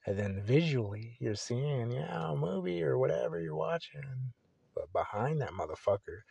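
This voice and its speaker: A man's voice: mid-range voice, very animated, moderate pace, creaky, mellow, slightly rough, no room sound. A young man hosting a solo podcast, talking casually in a rambling, profane, laid-back way. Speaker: podcast host.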